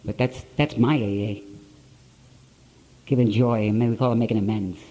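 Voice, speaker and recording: A middle-aged man giving a personal recovery talk to an audience, in blunt storytelling with plain, rough grammar, on an old conference tape. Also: medium pitch, fairly even intonation, normal speed, warm tone, lo-fi sound.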